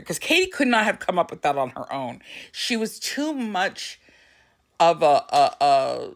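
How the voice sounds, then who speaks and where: A middle-aged mother spins a family tale in a lowish voice that swings widely up and down. She laughs often and breaks into quick impressions of her kids as she talks. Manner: animated, laughs while talking, breaks into quoted voices. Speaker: mom telling a family story. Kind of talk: casual storytelling to camera.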